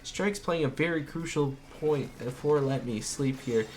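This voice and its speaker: A man casting an esports match alone from home, calling plays and then talking more quietly so as not to wake others. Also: fairly high pitch, slight background noise. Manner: rapid excited calls, then quieter. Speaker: esports caster. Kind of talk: solo play-by-play commentary.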